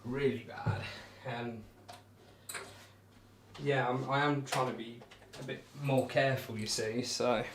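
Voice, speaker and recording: A man's voice: mid-range voice, steady tone, slow pace, noisy background. Chatty young man streaming darts. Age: young adult. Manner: rambling, self-deprecating, reads out and answers chat. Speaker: darts livestreamer. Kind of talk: casual live-stream chat while throwing darts.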